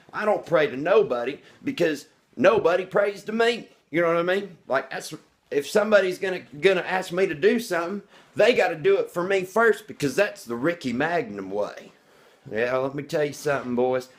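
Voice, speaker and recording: A man's voice: fairly high pitch, lively intonation, moderate pace, close to an everyday voice. A man doing a cocky redneck vlogger. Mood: boastful. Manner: rambling, boastful, refers to himself in third person. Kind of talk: comedic character monologue.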